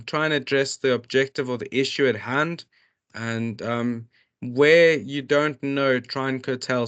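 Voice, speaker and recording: A man's voice: mid-range voice, a bit bright. A man tutoring, reading out workbook questions and explaining each one, with many restarts and fillers. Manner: reads questions aloud then explains them. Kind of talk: walking students through a workbook.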